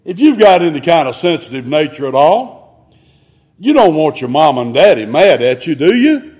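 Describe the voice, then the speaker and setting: A man preaching a sermon in an emphatic, drawn-out manner. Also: sing-song, a little mellow. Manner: emphatic, drawn-out preaching with sudden rises in pitch.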